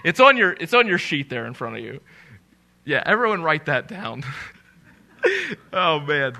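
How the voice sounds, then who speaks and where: Man, pastor, live church sermon, lively swooping pitch, playful asides. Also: gravelly. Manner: animated, joking with the congregation, repeats key phrases slowly for emphasis. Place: church sanctuary, live preaching.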